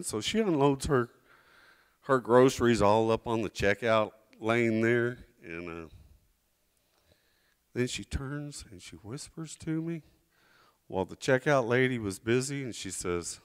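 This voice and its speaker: A man telling a folksy tall tale on stage at a liar's contest, drawling with many pauses and acted-out quotes. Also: mid-range voice, animated, clean tone.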